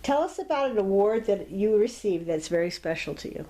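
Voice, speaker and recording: A woman's voice: mid-range voice, lively intonation, brisk, dark tone. A woman interviewer asking questions plainly.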